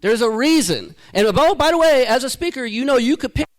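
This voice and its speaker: A man giving a live keynote to an audience as a motivational speaker, energetic and rhetorical, tagging his points with "right?". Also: extremely high pitch, a little fast. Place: event hall.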